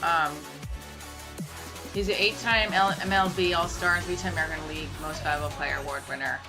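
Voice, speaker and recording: A woman's voice: fairly low pitch, steady tone, a little fast, over music. A young woman rambling casually through a home livestream, chatting and answering comments with the odd swear word. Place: room at home.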